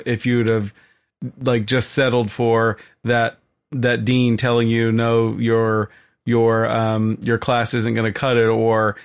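A man co-hosting an interview, speaking haltingly with many restarts. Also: medium pitch, clean tone. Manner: halting, restarts often while praising. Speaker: podcast co-host. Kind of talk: conversational interview.

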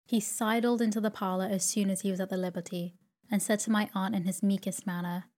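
A woman narrating a classic novel as a sleep story, in a slow, even and soothing manner. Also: medium pitch. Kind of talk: calm sleep story reading.

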